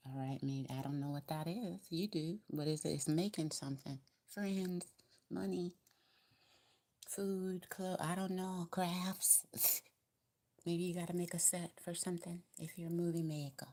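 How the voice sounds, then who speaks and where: A woman's voice: lowish voice, level tone, normal speed, dark tone. A woman with a Southern US accent giving a casual tarot card reading, chatty and encouraging, repeating her advice in a colloquial way. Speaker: tarot reader.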